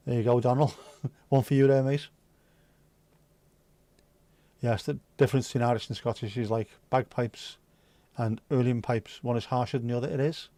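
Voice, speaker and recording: A man's voice: medium pitch, fairly even intonation, fairly quick, mellow, no echo. A man with a Liverpool accent hosting a livestream, chatting casually in a jokey, rambling way. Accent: Liverpool (Scouse). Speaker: livestream host.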